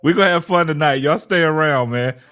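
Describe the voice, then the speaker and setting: A man's voice: a little high, a little fast, fairly bright tone, clean tone. A man hosting a casual sports livestream, laughing often and reading out super chats. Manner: laughing, repeats "man" and "hold on".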